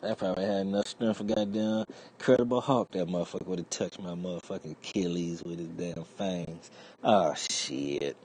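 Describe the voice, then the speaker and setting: Man, very low voice, casual livestream chat, profane rambling stories. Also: normal speed, slight background noise, poor audio. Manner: acts out quoted voices loudly. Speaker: livestream host.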